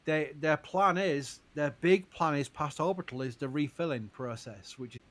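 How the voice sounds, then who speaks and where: Easygoing male live-stream host, fairly high voice. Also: normal speed, fairly bright tone. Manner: careful, stresses uncertainty, laughs between points. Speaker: host reading viewer questions.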